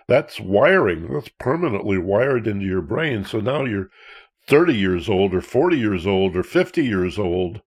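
A man's voice: lowish voice, vocal fry, husky. A man, a counselor, talking earnestly about fear and childhood feelings, posing rhetorical questions. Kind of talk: talk on emotional self-awareness.

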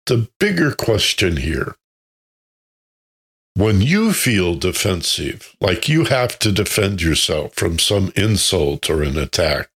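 A man's voice: sits low, fairly bright tone, slightly rough. A man teaching a self-development class who tells anecdotes, chuckles and asks rhetorical questions.

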